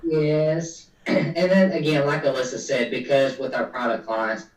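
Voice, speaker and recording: A man's voice: mid-range voice, normal speed. A man, a paranormal investigator, chatting casually and acting out conversations as he tells stories. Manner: animated storytelling, acts out dialogue. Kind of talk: casual chat. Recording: echoey room, far from mic.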